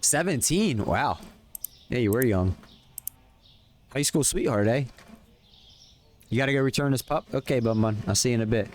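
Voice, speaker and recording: A man's voice: mid-range voice, animated, normal speed, pauses often, slight background noise. A man live-streaming a game, chatting casually with viewers and calling out in-game orders between questions to chat. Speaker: livestreamer.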